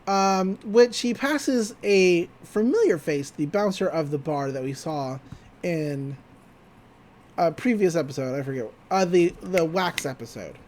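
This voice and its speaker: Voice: medium pitch, measured pace, a little mellow, a little hiss or hum. A podcast host casually recapping a cartoon episode, chatty and giggly with lots of fillers.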